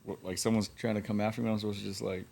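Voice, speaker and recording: A man's voice: fairly low pitch, little pitch movement, rapid-fire, gravelly, darkish tone. A man as a podcast guest, chatting casually and hesitantly, heard a little off-mic. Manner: laid-back, hesitant, full of "like" and "you know". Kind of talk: casual chat.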